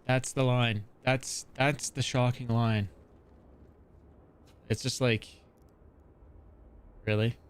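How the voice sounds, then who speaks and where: A man hosting a live gaming stream, chatting casually and excitably, with strong opinions. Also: medium pitch, takes it slowly, pauses often, clean tone. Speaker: livestream host.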